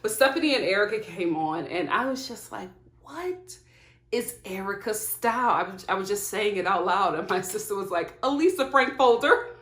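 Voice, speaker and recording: A woman giving a casual, animated recap of a reality TV episode, laughing often and talking back to the screen. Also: mid-range voice, fairly quick, hardly any pauses. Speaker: TV show reviewer. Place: home filming setup. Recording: echoey room.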